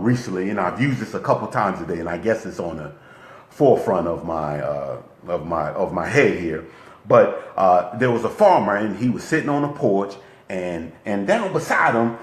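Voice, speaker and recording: Animated male relationship coach. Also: fairly low pitch, moderate pace, roomy sound. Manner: lively, repetitive, checks in with "okay?". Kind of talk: motivational talk.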